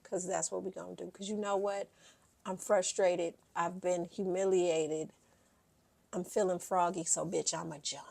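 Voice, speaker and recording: A woman's voice: fairly low pitch, little pitch movement, measured pace, creaky, darkish tone, dry recording. Sassy woman dishing reality TV gossip. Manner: brash and sassy, quoting the cast in bursts. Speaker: reality TV recap host. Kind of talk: sassy reality show recap commentary.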